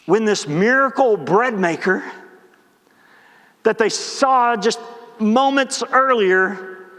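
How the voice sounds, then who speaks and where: Male pastor, sermon, chatty delivery that acts out scenes, high-pitched, reverberant church sanctuary. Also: lively intonation, sharp tone. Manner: conversational preaching, acts out the disciples in quick asides. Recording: long church hall reverb.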